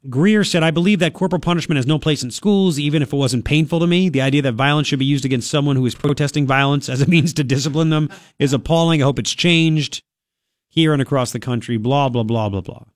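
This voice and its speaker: This is casual talk radio commentary from a man whose voice is fairly high and fast, captured dry on a studio microphone. Sarcastic and talkative despite a sniffly cold, he reads the news out loud and keeps interrupting it with asides.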